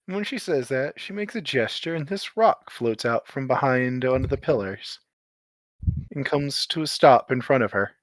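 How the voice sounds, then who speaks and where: A man acting as game master, narrating a tabletop game in a relaxed, deliberate way. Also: medium pitch, no room sound, studio quality.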